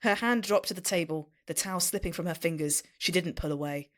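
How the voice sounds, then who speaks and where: Lower-voiced woman reading fan fiction aloud. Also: fairly quick, a bit bright. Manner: swears freely, laughs often while talking. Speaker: podcast co-host.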